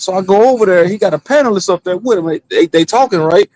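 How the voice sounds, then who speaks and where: A man's voice: sits high, expressive, quick pace, a little mellow. A man hosting a casual stream, telling a story with lots of profanity and quoted back-and-forth. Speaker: streamer, show host.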